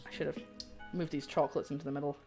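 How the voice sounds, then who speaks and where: A woman's voice: low-pitched, flat delivery, racing, warm tone, faint music behind. Playful woman streamer. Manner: playful teasing, laughs often. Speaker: streamer baking a cake. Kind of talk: casual chat while cooking.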